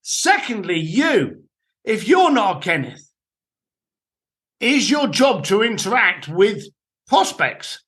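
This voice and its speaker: A man talks business on a podcast with a high, bright voice that swoops up and down. He is blunt and animated and swears freely. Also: slow pace, pauses often. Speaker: guest, entrepreneur and author. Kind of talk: podcast interview, storytelling advice.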